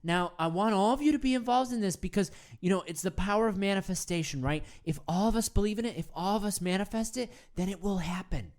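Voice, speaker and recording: Playing an earnest male self-help guru, a woman hosts a comedy meditation show, rambling and restarting mid-stammer in an improvised monologue. She talks quickly at medium pitch with hardly any pauses, in a darkish, lightly acted voice.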